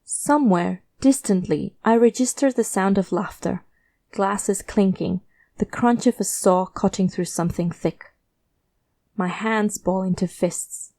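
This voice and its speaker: Warm-voiced woman narrating a story. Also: medium pitch, measured pace. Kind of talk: scripted first-person fiction narration.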